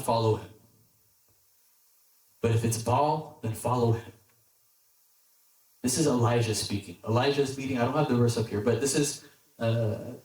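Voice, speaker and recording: A young man giving a casual youth sermon, talking conversationally with lots of "like" and acting out the characters in his stories. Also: medium pitch. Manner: conversational, lots of "like", animated when quoting characters. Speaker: deacon preacher at youth group. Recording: echoey hall, mic at a distance.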